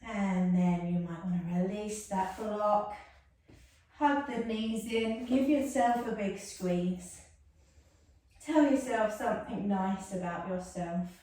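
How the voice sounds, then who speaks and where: Guiding a yoga class, this instructor speaks slowly in a warm, medium-pitched voice, chatty and soothing while tossing in self-mocking asides. She's recorded in an echoey room with the mic far away.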